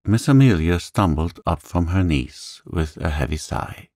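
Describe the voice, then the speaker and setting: A man narrating a classic novel as a calm, gentle sleep story. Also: deep voice, unhurried, gravelly, dry recording, studio quality.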